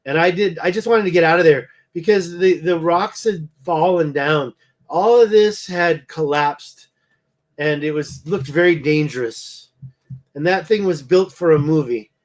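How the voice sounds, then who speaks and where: A man's voice: a little high, a little slow. Tired man rambling while browsing photos. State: tired, yawning. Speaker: livestream host. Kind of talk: casual livestream commentary.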